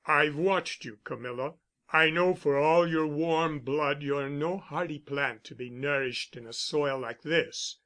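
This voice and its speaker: A man's voice: a little high, unhurried, fairly bright tone. A man reading the part of a persuasive, insistent suitor who speaks with urgent, coaxing force.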